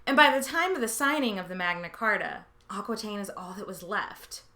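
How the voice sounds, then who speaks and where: A woman's voice: medium pitch, expressive, a little fast, pushed and bright. A woman hosting a history podcast, telling a comedic scripted monologue with sarcastic asides, swearing and silly quoted voices. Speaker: podcast host.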